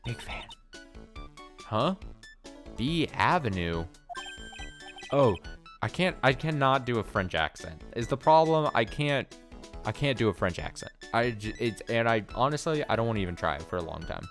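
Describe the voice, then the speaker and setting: A man's voice: medium pitch, sing-song, a little fast, faint music behind. A man giving casual gameplay commentary while reading through a story game, rambling, swearing and poking fun at himself. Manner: swearing, self-deprecating, rambling. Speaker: let's player.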